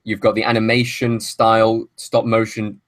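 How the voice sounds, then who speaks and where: A man's voice: on the low side, completely flat delivery, normal speed, dry recording. A man hosting a film podcast, making long opinionated arguments in casual chat. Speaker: podcast host.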